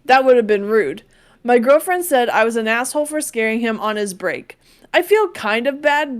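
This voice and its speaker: A woman's voice: a little high, clear, resonant tone. Dry-toned woman podcast host. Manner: dry, unbothered storytelling with side remarks. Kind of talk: casual chat, reading a listener's story aloud.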